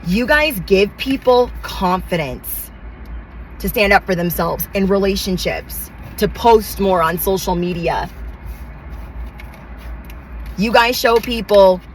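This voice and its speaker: A woman's voice: mid-range voice, a little slow, slight background noise, low-quality recording. A woman giving a channeled tarot reading, talking in emphatic, repetitive affirmations with casual slang. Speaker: tarot reader.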